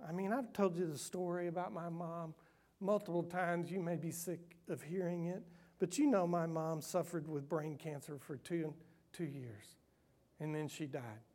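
With a slightly high voice at normal speed, a middle-aged pastor delivers a lively sermon, poking fun at himself as he moves from quiet earnestness to loud playfulness.

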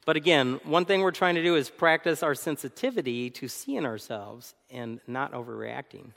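A man's voice: on the high side, normal speed, creaky. Male co-pastor giving a sermon, acts out little arguments, laughs a lot, echoey sanctuary sound. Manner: animated, acts out everyday arguments, laughs often.

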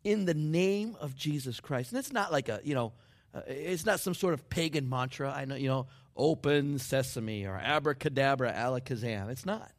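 A man preaching a sermon, dropping to near whispers and building up to excited shouts. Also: fairly high pitch, normal speed. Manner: dramatic swings from hushed to shouting. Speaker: pastor.

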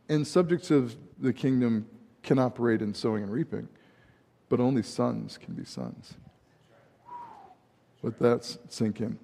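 A man preaching a sermon in a rambling, animated way, breaking off into asides and laughing at himself. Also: mid-range voice. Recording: hall reverb.

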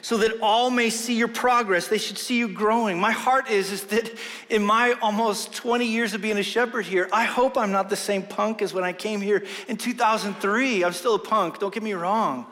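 High-voiced preacher in a reverberant hall. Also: male voice, fairly even intonation, moderate pace, fairly bright tone. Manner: earnest, emphatic preaching with self-deprecating jokes. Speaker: pastor. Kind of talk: sermon. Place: church sanctuary. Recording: long reverb of a large hall.

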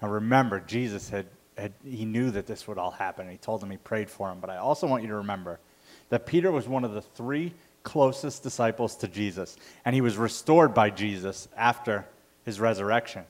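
A man's voice: fairly low pitch, brisk. Man preaching a conversational sermon. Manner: conversational, self-correcting with fillers. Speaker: pastor.

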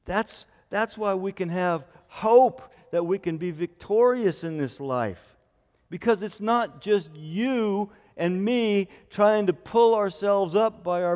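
A male pastor preaching a sermon, quoting scripture at length and rising to loud, emphatic declarations. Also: high voice. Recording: long hall reverb.

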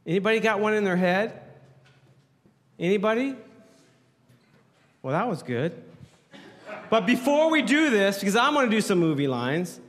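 A man's voice: sits high, big pitch swings, moderate pace, long pauses, fairly bright tone. A man preaching a sermon as pastor, playful and joking with the congregation, speaking into a handheld mic. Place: church hall. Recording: hall reverb.

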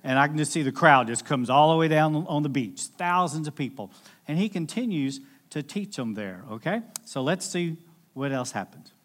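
A man preaching a sermon as a pastor, telling a scripture story with lively acted-out voices. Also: on the high side, moderate pace.

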